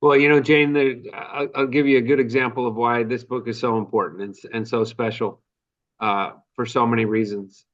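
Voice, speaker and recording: An earnest man tells an anecdote as a guest in a podcast interview. His voice sits at an ordinary middle pitch. The sound is slightly muffled. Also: steady tone, normal speed, recorded from a distance. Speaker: author guest. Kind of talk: conversational storytelling.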